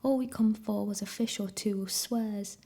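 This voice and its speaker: A sulky twelve-year-old boy who whines and begs in rough speech, whispered by a woman reading aloud. Flat and mellow in tone. Whispered role-play. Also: medium pitch, a little slow, close to an everyday voice. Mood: whining. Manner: whiny, ungrammatical.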